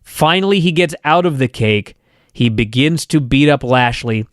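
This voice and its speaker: A man's voice: mid-range voice, lively intonation, moderate pace, dry recording, studio quality. A man hosting a podcast, telling a wrestling recap in a casual, sarcastic and profane way, acting out quotes. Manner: sarcastic, profane storytelling with quoted bits in character. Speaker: podcast host.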